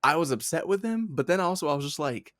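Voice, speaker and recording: A man's voice: a little high, animated, fast talker, fairly bright tone, no echo. Young man, casual podcast chat, rambling, laughing, lots of fillers, dry close recording. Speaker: podcast co-host, head of talent.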